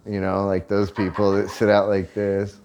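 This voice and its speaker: A man with a somewhat low voice talks casually on a couple's vlog. He jokes and swears freely, with a sarcastic edge. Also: completely flat delivery, normal speed, gravelly, a little mellow, dull audio. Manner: joking, profane, sarcastic asides. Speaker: vlog co-host.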